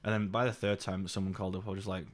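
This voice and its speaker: A young man co-hosting a podcast, swearing often and telling stories in a casual, animated way with mocking put-on voices. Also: low voice, rapid-fire. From United Kingdom. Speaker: podcast co-host. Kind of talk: casual chat.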